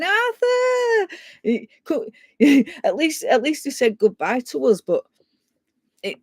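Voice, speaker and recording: Woman, casual storyteller, animated and stumbling, dry, close sound. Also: mid-range voice, dry recording. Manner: animated, stumbling restarts, chatty. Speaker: guest sharing a ghost story.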